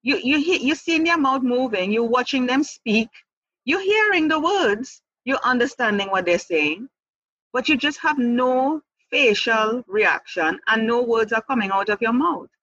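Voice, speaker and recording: A woman tells her own story with earnest, halting candor, circling back and repeating words as she works through her thoughts. Her voice is bright and slightly husky, and the sound is muffled, as if from a lo-fi recording. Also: a little high, animated, no room sound. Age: adult mother. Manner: earnest, repeats words, restarts, laughs lightly. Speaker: interview guest. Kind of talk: candid personal testimony.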